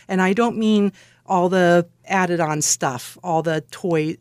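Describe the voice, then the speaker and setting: Lively woman guest telling stories. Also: lowish voice, moderate pace, no room sound. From California. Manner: animated storyteller, laughs often, acts out quotes. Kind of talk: conversational interview.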